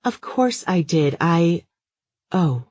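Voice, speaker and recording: A man voicing a flustered, uptight middle-aged mother in an audiobook, high, fussy and shrill. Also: sing-song, takes it slowly, a little mellow, no room sound, heavily acted. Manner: high, fussy and shrill, sing-song at times. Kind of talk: audiobook character voice.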